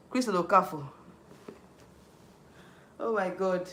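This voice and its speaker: A man's voice: high-pitched, normal speed, long pauses, bright, forceful tone, reverberant, a little hiss or hum. A man with a Nigerian accent hosting a livestream, ranting heatedly, repeating himself and restarting often while answering chat. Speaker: YouTube livestream host.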